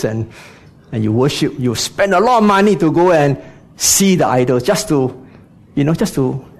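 A man preaching a sermon, speaking to the congregation with frequent rhetorical questions and "you know" asides. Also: on the high side.

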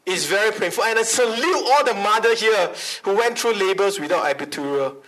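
A high-voiced male pastor delivers a lively sermon. His pitch swings widely as he preaches, and he keeps calling for amens. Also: fairly quick, rough recording.

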